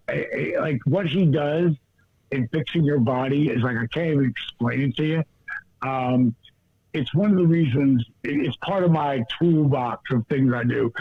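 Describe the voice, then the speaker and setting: A man with a husky, breathy voice that sits a little high. He talks animatedly and keeps restarting his words. His voice comes through a thin, phone-like line. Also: no room sound. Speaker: guest. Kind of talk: casual interview chat. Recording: tinny phone-line audio.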